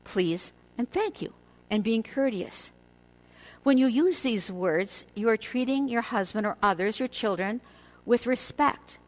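An older woman delivers a devotional teaching to a women's audience. Her voice sits at a middle pitch, and her delivery is measured and earnest. She slows down on key words for emphasis. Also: poor audio.

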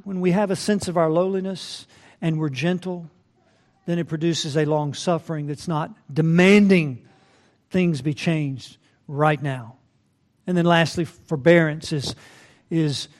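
A man preaching a sermon, who rises to loud emphatic peaks and drops to soft asides, calling listeners beloved and asking "right?". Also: a little high, steady tone, measured pace. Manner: addresses listeners as beloved, asks rhetorical "right?". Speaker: pastor.

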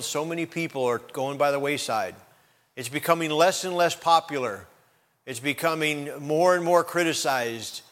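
Middle-aged man, pastor, relaxed conversational sermon delivery, repeats phrases for emphasis. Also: fairly high pitch. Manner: conversational preaching, repeats key phrases, laughs lightly.

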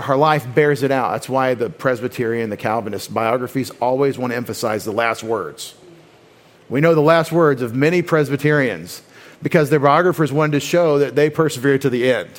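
A male pastor delivering a teaching sermon at a medium pitch. He talks things through in a plain, conversational way, often restarting a phrase and slipping into quoted voices to make his point.

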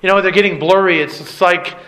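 Male preacher, high bright tone, insistent questioning sermon delivery. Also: steady tone, fairly quick. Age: adult with a young child. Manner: emphatic preaching with repeated rhetorical questions. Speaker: pastor.

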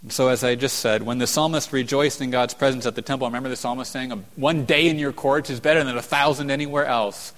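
A man preaching a sermon as a pastor, earnest, rising to emphatic peaks and falling to hushed tones. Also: mid-range voice, steady tone, a little fast. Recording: long hall reverb.

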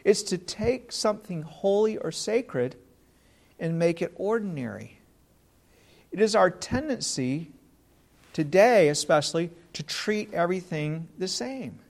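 A man with a high, gravelly voice delivers an earnest sermon. He asks rhetorical questions, quotes scripture and often restarts with repeated words. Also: expressive, a little slow, darkish tone. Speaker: preacher.

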